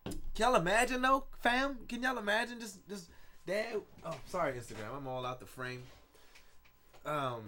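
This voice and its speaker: A man, hosting a casual solo podcast in a loose, rambling, excitable way, swearing often. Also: a little high, slight background noise. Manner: rambling, loose and excitable, with frequent profanity and laughs. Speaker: podcast host.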